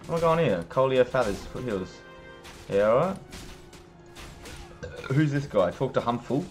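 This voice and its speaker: A man's voice: medium pitch, lively intonation, a little slow, faint music behind. A young man giving casual, joking commentary while streaming a game, swearing now and then.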